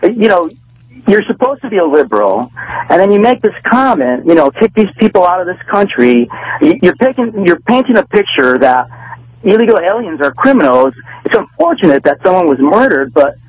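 A man calls in to a radio show and argues heatedly, often stammering and restarting. His voice is high and husky. His pitch jumps around a lot. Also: big pitch swings, a little fast, no room sound, highs cut off. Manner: agitated, stammering, argumentative. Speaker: radio caller. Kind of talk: heated call-in argument.

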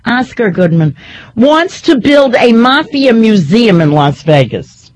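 A woman's voice: a little high, sing-song, takes it slowly, a little mellow, rough recording. A woman hosting a talk radio show, delivering a sarcastic, rambling, opinionated monologue.

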